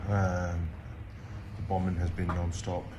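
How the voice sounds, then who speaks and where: Exhausted male medic, very low flat voice, halting delivery, faint hiss behind him. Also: highs cut off. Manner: halting, with many pauses and ums. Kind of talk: recorded video account.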